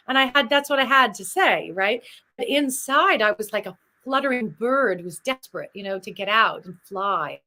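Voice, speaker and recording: A middle-aged woman tells stories with an animated, chatty energy. Her voice is bright and a little high. She drifts between topics as she talks. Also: normal speed, low-quality recording. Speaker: guest performer. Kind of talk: lively interview storytelling.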